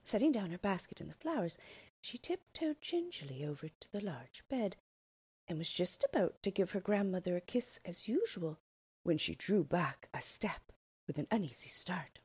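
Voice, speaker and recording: A woman narrating a storybook read-aloud expressively, dipping into soft whispers. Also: fairly low pitch, very animated, moderate pace, husky, no echo.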